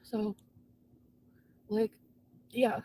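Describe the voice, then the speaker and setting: A woman on a live stream, venting angrily and profanely about being cheated on, swinging between yelling and hushed, broken-down talk. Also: medium pitch, flat delivery, very slow, poor audio. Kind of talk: emotional live-stream rant.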